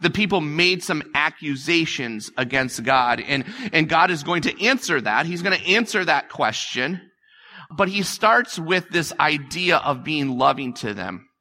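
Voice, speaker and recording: A man's voice: fairly high pitch, animated, a little slow, sharp tone. A male pastor preaching a conversational sermon, repeating phrases and acting out quotes.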